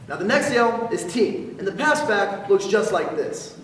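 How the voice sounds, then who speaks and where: A young man, a yell leader, explaining yells slowly and deliberately, then shouting the counts. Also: high voice, lively intonation. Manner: slow, deliberate explaining between loud counts. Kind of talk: instructional demonstration. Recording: echoey hall, voice from far off.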